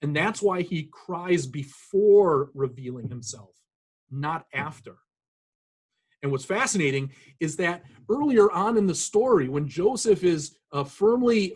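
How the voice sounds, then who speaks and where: A rabbi giving an earnest, reflective sermon, pausing often with fillers and restarts. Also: male voice, fairly high pitch, a little mellow, slightly rough. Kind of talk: sermon with scripture reading.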